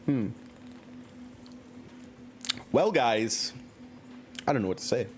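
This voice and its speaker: A man's voice: mid-range voice, lively intonation, slow pace, a little hiss or hum. A man streaming a video game, chatting casually in a playful, joking and self-mocking way. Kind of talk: casual let's-play commentary.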